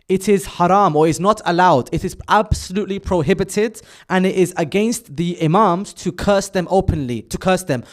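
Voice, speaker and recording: A man giving a religious lecture at an Islamic centre, speaking emphatically, pushing up on key points and dropping low for asides.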